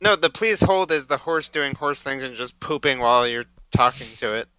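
A man joining a tabletop game with slow, jokey banter. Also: mid-range voice, pushed and bright, smooth, dry recording, rough recording. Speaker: player.

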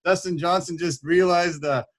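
Guy on a podcast telling a funny story, kinda high voice, laughing and doing everyone's lines. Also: moderate pace. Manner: animated, laughs often, acts out quotes. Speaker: podcast guest, corporate speaker. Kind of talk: casual storytelling.

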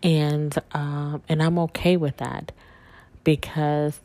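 A woman with a very deep, flat voice hosts her own podcast and talks slowly about what matters to her. She rambles warmly and sincerely, often circling back with fillers and self-corrections. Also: no room sound. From southern United States. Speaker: podcast host. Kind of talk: casual personal monologue.

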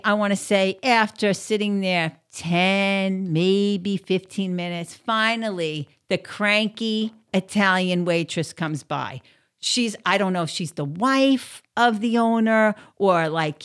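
Brief: woman vlogger, mid-pitched, chatty gossip story, blunt and salty, lots of "you know.". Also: fairly bright tone. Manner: chatty, blunt, swears freely, many fillers. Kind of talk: casual storytelling monologue.

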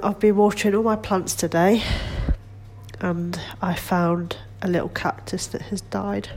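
Low-voiced woman with a stuffy cold. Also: darkish tone. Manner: chatty, rambling, self-deprecating. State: congested with a cold. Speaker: vlogger. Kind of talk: casual chat. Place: home kitchen.

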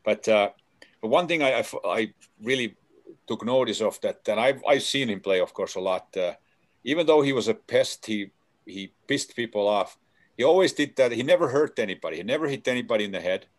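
A man telling stories in a casual chat, halting with many fillers and restarts. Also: mid-range voice, lively intonation.

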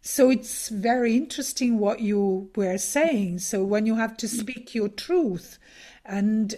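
A woman with a higher voice speaks slowly and deliberately, picking her words with frequent fillers. She sounds thoughtful and conversational. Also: warm tone. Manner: measured, thoughtful, with many fillers. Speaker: workshop leader, former conference interpreter. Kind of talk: casual conversation.

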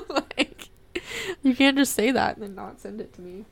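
A woman's voice: on the high side, a little slow, creaky, long pauses, no room sound. Playful laughing young woman, dry sound. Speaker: podcast co-host. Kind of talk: casual chat.

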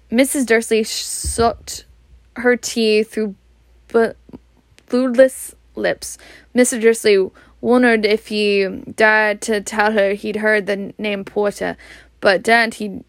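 A woman with a Scottish accent reading a storybook aloud, unhurried, now and then stumbling over words and laughing. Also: mid-range voice, little pitch movement, no echo, clean studio sound. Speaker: reader.

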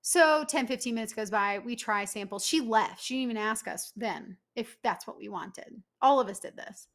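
A woman's voice: a little high, moderate pace. A woman co-hosting a podcast, telling an emphatic story in casual chat with lots of filler words. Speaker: podcast co-host.

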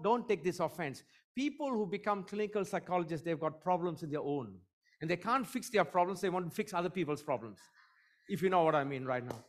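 Man, middle-aged, guest preacher, slightly high voice, fervent prayer, self-deprecating humor. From Eurasian, half Portuguese half Indian. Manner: fervent prayer, repeating "God" at each phrase end; joking, self-deprecating storytelling. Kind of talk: sermon with prayer and personal stories.

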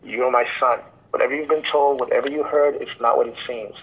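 A man's voice: medium pitch, fairly even intonation, brisk, breathy edge, dull audio. A man voicing a mother who pleads and defends herself to her son. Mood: pleading.

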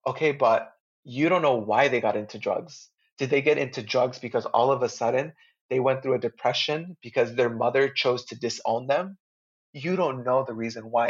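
Man, guest astrologer, casual podcast talk, earnest, heartfelt, mid-pitched voice, dull lo-fi sound. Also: husky.

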